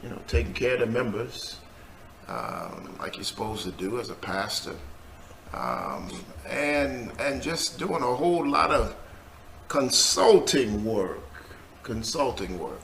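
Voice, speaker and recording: A pastor co-hosting a talk show in a bright voice with a gravelly edge. He teases playfully and chimes in with amens and agreement. The studio sounds roomy, with faint music behind him. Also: medium pitch, big pitch swings, slow pace, slight background noise. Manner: playful, teasing, affirming with amens. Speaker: pastor, co-host. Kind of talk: casual talk show chat. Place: studio set.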